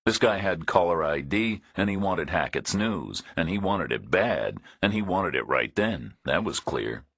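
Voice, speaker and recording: A man reading a crime thriller audiobook in a steady, even storytelling delivery. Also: sits low, unhurried, gravelly, slightly rough, no echo, clean studio sound. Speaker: audiobook narrator. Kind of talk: scripted audiobook narration.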